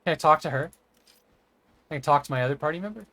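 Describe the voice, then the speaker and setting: A man's voice: on the high side, fast talker, sharp tone, dry recording. A man streaming a game live, rambling and chatting with viewers, sometimes stammering over words. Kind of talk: live gameplay stream chat.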